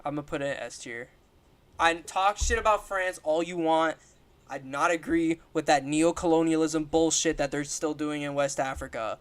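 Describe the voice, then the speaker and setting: A man's voice: fairly high pitch, normal speed, fairly bright tone, clear, resonant tone. A young man hosting a casual chat, joking and slangy. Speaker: host.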